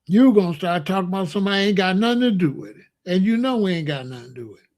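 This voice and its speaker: A man's voice: high-pitched, expressive, racing, a little mellow. A man delivering an emphatic, repetitive rant as a monologue, drawing out words for emphasis. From Chicago. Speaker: commentator. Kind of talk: ranting monologue to camera.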